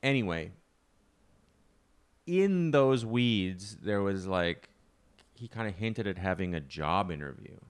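A man hosting a casual podcast chat, spinning a long, wry story. His voice sits on the low side, and he stumbles and restarts his sentences in an easy conversational way. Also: expressive, slow, pauses often, clear, resonant tone. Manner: rambling, self-correcting, wry. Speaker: podcast host.

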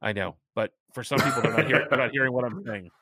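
A middle-aged man hosting a casual chat, talking chattily and stressing key points by slowing down. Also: mid-range voice, bright, forceful tone, husky, no room sound, clean studio sound. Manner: chatty, emphatic, repeats points slowly for stress.

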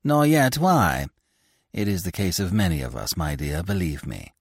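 A man voicing a small, candid male clown actor who teases gently. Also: deep voice, very animated, normal speed, slightly rough, no room sound, clean studio sound, exaggerated voice. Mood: wry.

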